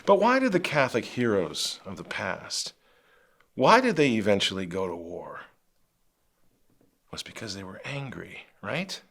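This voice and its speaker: A man's voice: low voice, vocal fry. Fiery middle-aged man hosting commentary. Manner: fervent, swings from quiet intensity to loud outrage. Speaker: show host. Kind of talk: impassioned commentary.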